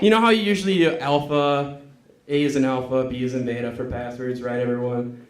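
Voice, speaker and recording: A man performing a stand-up comedy set on a club stage, cursing and acting out callers in quick voices. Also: medium pitch. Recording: echoey club with crowd. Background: audience laughing.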